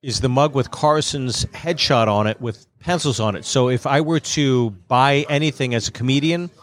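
Comedian guest chatting casually. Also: male voice, mid-range voice, normal speed. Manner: conversational, profane, restarts. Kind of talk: casual chat. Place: comedy club.

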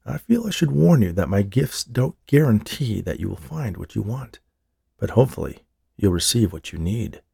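Narrator doing a gentle male psychic, soft-spoken, dark-toned. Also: fairly low pitch, big pitch swings, moderate pace, vocal fry, husky, no room sound, studio quality, full character voice. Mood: soothing. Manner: soothing, gentle. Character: calm, smooth-talking male psychic medium.

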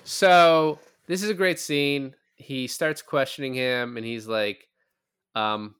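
A man's voice: mid-range voice, slow, a bit bright, smooth, no echo, studio quality. A man co-hosting a casual movie podcast, retelling scenes with quoted lines and casual swearing. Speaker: podcast co-host.

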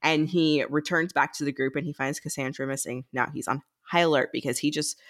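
A woman's voice: sits low, steady tone, a little fast. Chatty woman recapping a book. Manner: chatty recap with quoted character lines and laughs. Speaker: podcast co-host leading a book discussion. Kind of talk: casual book-club chat.

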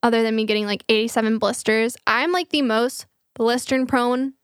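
A woman's voice: a little high, fairly even intonation, moderate pace, clean tone, dry recording, clean studio sound. A woman hosting a podcast, telling stories in casual chat and swearing freely. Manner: chatty storytelling, swears freely. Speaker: podcast host.

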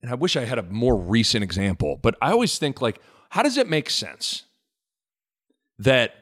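A man's voice: medium pitch, very animated, normal speed, fairly bright tone. A man hosting a casual sports talk podcast, rambling and jokey, with frequent restarts as he breaks down a game.

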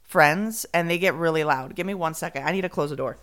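A woman's voice: deep voice, brisk, a bit bright. Rambling chatty woman podcast host. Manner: rambling, drops in Spanish fillers. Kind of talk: casual chat.

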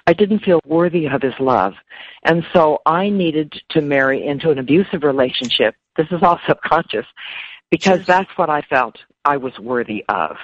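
A woman speaking as an interview guest, emotional and halting, often repeating words. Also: low-pitched, animated, no room sound. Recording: dull lo-fi dry sound.

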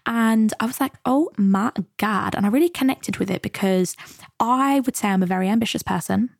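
A UK woman hosts a reflective solo podcast, chatting in an earnest, motivational way about goals and coaching. Her voice is a little high, a little fast and creaky, recorded at studio quality with no echo.

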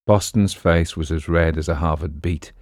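A man narrating an audiobook in a steady, even storytelling manner. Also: a bass voice, moderate pace, no echo, studio quality.

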